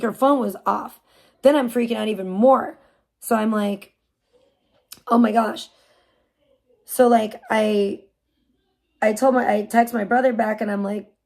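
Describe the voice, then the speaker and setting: A woman in her forties telling a long personal story on a live stream, rambling and animated, with lots of "like" and restarts. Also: mid-range voice, vocal fry. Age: 40s. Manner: rambling, animated retelling with frequent "like". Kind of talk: casual storytelling.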